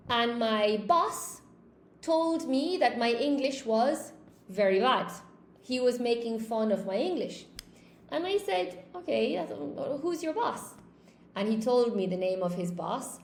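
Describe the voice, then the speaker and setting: Female English teacher, live-stream lesson; high-ish voice, chatty and candid with the chat, in an echoey room. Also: a little mellow. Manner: chatty, candid, reads viewer comments aloud and answers them.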